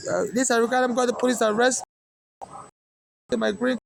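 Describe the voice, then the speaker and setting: A man's voice: extremely high pitch, little pitch movement, moderate pace, gravelly, crowd noise. A man from Nigeria with a Nigerian accent, rambling in an agitated monologue with many fillers and restarts. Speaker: activist vlogger. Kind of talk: monologue to camera.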